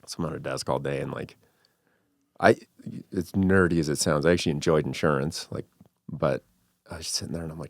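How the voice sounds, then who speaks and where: A man's voice: rumbling low, steady tone, fairly quick, creaky, dry recording, clean studio sound. A man from Colorado, a podcast guest, chatting in an easygoing way and swearing casually. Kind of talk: casual chat.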